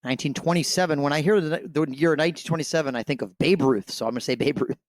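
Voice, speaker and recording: A man competing in a trivia quiz, thinking out loud, hesitating with fillers and laughing easily. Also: a little high, fast, no echo, studio quality. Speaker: quiz contestant. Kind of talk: casual game banter.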